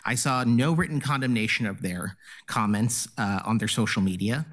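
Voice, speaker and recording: A man addresses a council in an earnest, formal tone, reading prepared remarks at an even pace. He speaks from the chamber, and his voice is relayed through a stream. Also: mid-range voice, moderate pace. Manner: earnest, formal, reads from notes. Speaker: public commenter at a city council meeting. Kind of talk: prepared public testimony.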